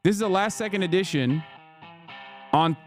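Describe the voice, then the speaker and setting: A man in his thirties giving sarcastic, incredulous livestream commentary on posts, jumping to sudden high exclamations. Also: moderate pace, soft background music. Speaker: streamer reacting to posts.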